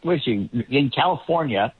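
Husky man on a tinny remote line. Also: medium pitch, animated, moderate pace. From Boston, US. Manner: emphatic, rambling with restarts. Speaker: political commentator guest. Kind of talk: political panel talk.

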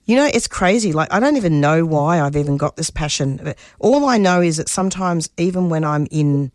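A woman's voice: sits low, lively intonation, fairly quick, darkish tone, dry recording, studio quality. Passionate middle-aged Australian woman guest. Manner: passionate, restarts often, voice rises when stirred. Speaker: community radio producer and interview guest. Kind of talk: personal interview talk.

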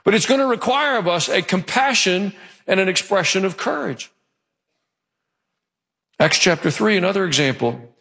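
Gravelly-voiced pastor preaching in a church. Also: male voice, sits high, moderate pace, pauses often. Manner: animated storytelling, acting out quoted voices. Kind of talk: sermon. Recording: long hall reverb.

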